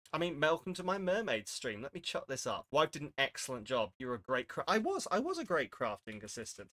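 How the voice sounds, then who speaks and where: Chatty, bright-voiced streamer man. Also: mid-range voice. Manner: rambling, self-deprecating, chatty. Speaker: charity streamer. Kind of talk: casual live-stream chat. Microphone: desk microphone.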